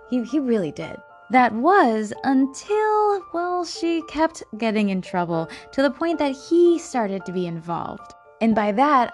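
A woman telling a true crime story in a candid, casual way, swearing freely and breaking into nervous laughter. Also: mid-range voice.

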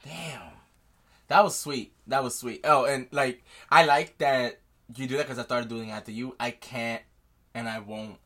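Man podcast co-host, bright tense voice, slangy and reactive in a casual chat. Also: medium pitch, fairly even intonation. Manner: reactive, quick slangy interjections. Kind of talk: casual book discussion.

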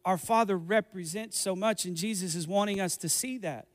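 A man's voice: sits high, normal speed. A man preaching a sermon as pastor, repeating phrases and restarting lines as he builds to fervent emphasis. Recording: long hall reverb.

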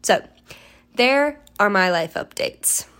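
Woman, 20s, podcast host; chatty, rambling, upbeat, mid-pitched. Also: expressive, slow pace, a bit bright, clear, resonant tone. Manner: chatty, rambling, self-interrupting; upbeat, encouraging, gushing. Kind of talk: casual solo chat.

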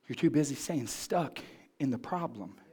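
A man's voice: mid-range voice, animated, moderate pace, dark tone, slightly rough. A man pastor preaching a sermon, asking the congregation questions and building in fervor.

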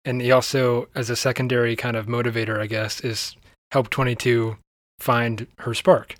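Relaxed male podcast host, dry sound. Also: medium pitch, moderate pace, no echo. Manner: relaxed, thoughtful, laughs often. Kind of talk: casual chat.

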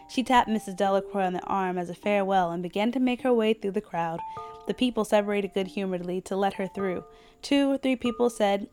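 A woman podcast host reads a short story aloud with steady, measured storytelling. Her voice sits at a middle pitch. Faint music plays in the background.

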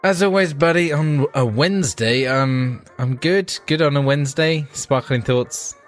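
A man from England co-hosting a casual gaming podcast, teasing in a relaxed, playful way. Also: fairly high pitch, measured pace, soft background music. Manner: playful, laid-back teasing. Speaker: podcast co-host.

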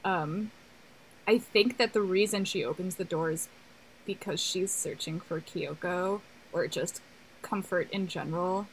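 A woman's voice: fairly low pitch, slight background noise, poor audio. A young woman co-hosting a casual chat, thoughtful and detailed, with fillers. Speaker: podcast co-host. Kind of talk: casual chat about an anime.

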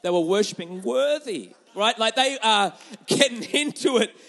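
A young adult pastor's sermon comes in a notably high, gravelly voice at normal speed. He's animated and jokes conversationally as he tells stories from the pulpit, going hushed and then surging back up in volume.

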